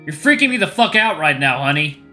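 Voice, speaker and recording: A man voicing a worried male bear in a game, speaking in an urgent, coaxing and loud way. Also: on the high side, big pitch swings, brisk, soft background music, voice pushed up, heavily acted.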